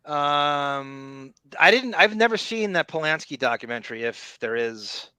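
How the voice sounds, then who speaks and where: A man's voice: a little high, animated, measured pace, bright, forceful tone, smooth, no room sound. A man co-hosting a podcast, talking in a casual, opinionated and rambling way, full of restarts. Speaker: podcast co-host. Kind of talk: casual chat.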